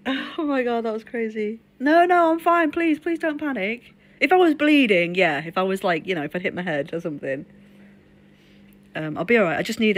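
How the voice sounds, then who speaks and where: A woman's voice: on the high side, animated, a little fast. A woman live-streaming while shaken and trembling after a fall, talking in rambling, repeated, restarting bits with some swearing, from the floor of her home. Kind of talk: unscripted live-stream talk.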